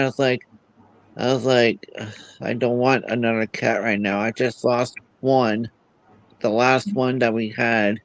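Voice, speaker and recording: A grieving man talking haltingly on a livestream call, often repeating his words as he goes. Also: mid-range voice, level tone, muffled recording. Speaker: livestream guest. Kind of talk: casual video call chat.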